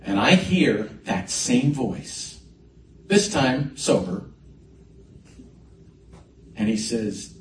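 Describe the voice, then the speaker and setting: A man preaching a sermon as a pastor, telling a personal story in an animated way with swings in loudness. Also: medium pitch, drawn-out words, pauses often, noisy background. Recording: echoey hall mic from a distance.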